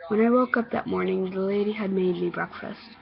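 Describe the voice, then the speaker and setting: A woman narrating a homemade horror story, halting and stammering with many restarts. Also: medium pitch, steady tone, gravelly. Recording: dull lo-fi recording.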